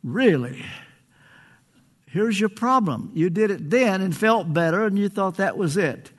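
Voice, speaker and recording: Older man preaching earnestly, high voice. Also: animated. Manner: earnest pleading, drawn-out emphatic phrases. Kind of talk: sermon.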